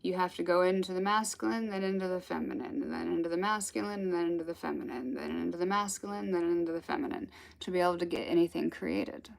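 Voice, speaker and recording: A spiritual teacher talks fast in a low-ish, gravelly voice, barely pausing. Her casual spiritual talk rambles from story to story in a chatty way, with laughter mixed in.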